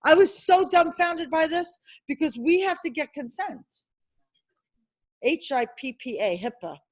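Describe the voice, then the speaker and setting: A high-pitched woman leads a classroom review, her delivery brisk and insistent. She keeps throwing quick questions at the students and stresses the key points firmly. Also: low-quality recording. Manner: emphatic and animated. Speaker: insurance licensing instructor.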